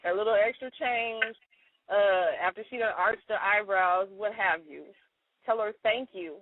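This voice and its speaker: A woman's voice: mid-range voice, a little slow, dry recording. A woman co-hosting a radio show, telling stories in a chatty way and laughing often in casual comedic chat. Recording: dry, phone-like narrow sound.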